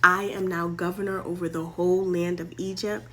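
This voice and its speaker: A man's voice: sits high, flat delivery, normal speed, pushed and bright. A woman voicing a tender, tearful ruler who reassures his brothers, in a casual storytelling retelling. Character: emotional ruler revealing himself to his brothers.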